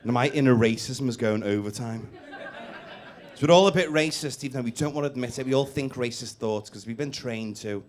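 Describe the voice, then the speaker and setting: A Scouse comic in his late thirties speaks briskly at a medium pitch, teasing the crowd with crude, brash material at a comedy club. The live gig is punctuated by loud laughter from the audience.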